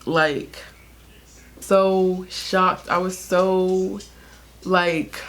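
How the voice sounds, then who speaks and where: A woman's voice: lowish voice, little pitch movement, extremely slow, a bit bright. A young woman vlogger telling a personal story in a candid, chatty way, laughing often and using lots of fillers. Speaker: beauty vlogger. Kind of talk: casual storytime.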